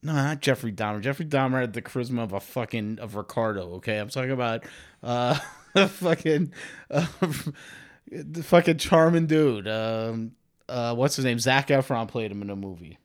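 A man's voice: mid-range voice, normal speed. A man hosting a podcast, talking in a rambling, profane, comedic monologue. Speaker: podcast host.

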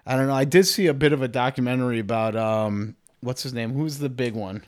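A man's voice: medium pitch, brisk. A man hosting a podcast, talking in a rambling, profane, comedic monologue. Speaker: podcast host.

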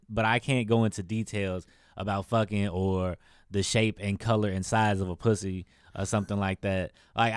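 Male stand-up comic guest; mellow, unhurried, a bit profane; low-pitched, clean, dry sound. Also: smooth, dry recording. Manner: laid-back, soft-spoken, swears casually. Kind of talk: casual interview chat.

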